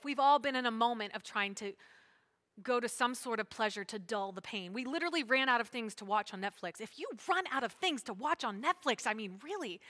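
Woman pastor, sermon, bright voice, fairly high, loud emphatic bursts and hushed asides. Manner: dynamic preaching, swinging between loud emphatic lines and hushed asides.

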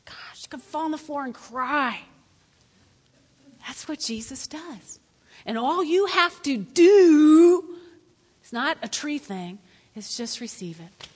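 A woman pastor preaching a lively sermon in church, swinging between loud calls and hushed asides. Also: high-pitched, takes it slowly, pauses often. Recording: echoey hall.

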